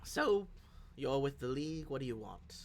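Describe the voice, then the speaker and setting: A man voicing an elderly alien woman who is disdainful and sharp-tongued, in live tabletop role-play. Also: mid-range voice, big pitch swings, normal speed. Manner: crisp and clipped, dry scorn.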